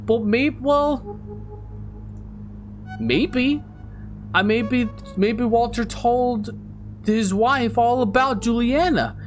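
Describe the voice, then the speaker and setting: A man's voice: very high-pitched, drawn-out words, long pauses, soft background music. A man hosting a horror game playthrough, chatting casually and teasing his viewers. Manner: playful, teasing, jokes to viewers. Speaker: gaming video host. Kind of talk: casual let's-play commentary.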